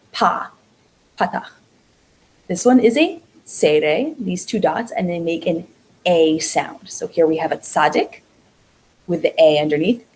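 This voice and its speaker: A woman's voice: fairly low pitch, darkish tone, rough recording. A woman teaching an online beginner language class, explaining step by step and drawing out the vowel sounds she demonstrates. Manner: drawn-out sounds when showing vowels.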